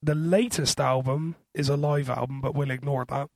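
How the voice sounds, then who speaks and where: A man with a husky voice, co-hosting a podcast in a hesitant, wry, rambling chat. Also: medium pitch, fairly even intonation, normal speed, dry recording, studio quality. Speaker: podcast co-host. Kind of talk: casual chat.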